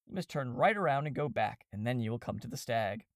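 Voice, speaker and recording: A man's voice: medium pitch, animated, fairly quick, dry recording, studio quality, lightly acted. A man voicing a helpful villager who gives directions in a plain, matter-of-fact way in a storybook reading. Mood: puzzled. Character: helpful, puzzled male villager giving directions.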